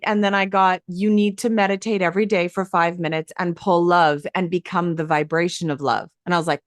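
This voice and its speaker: Excitable woman, dry close sound. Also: fairly low pitch, brisk, hardly any pauses, no echo. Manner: excitable storyteller, acts out her own reactions. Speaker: hypnosis coach, interview guest. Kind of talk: animated interview conversation.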